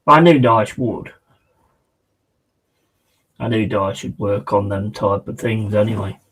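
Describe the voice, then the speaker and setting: A man chatting excitedly and casually as he hosts a live football watch-along stream. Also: lowish voice, takes it slowly, breathy edge, poor audio.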